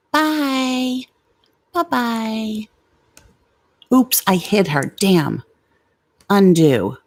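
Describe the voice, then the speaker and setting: A woman's voice: lowish voice, darkish tone. A middle-aged woman hosting a casual livestream, blunt and confrontational with commenters, swearing freely. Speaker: livestream host.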